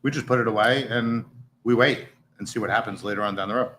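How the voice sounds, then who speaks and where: A man's voice: on the low side, fast talker, bright, forceful tone, a little hiss or hum, poor audio. A man telling profane police stories in a casual podcast chat. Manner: profane, laughing storyteller.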